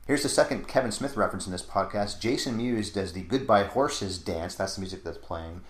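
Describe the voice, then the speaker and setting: Deep-voiced fast-talking man in a roomy echo. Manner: brisk, trivia-heavy, acts out quotes. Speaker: podcast co-host. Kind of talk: casual film discussion.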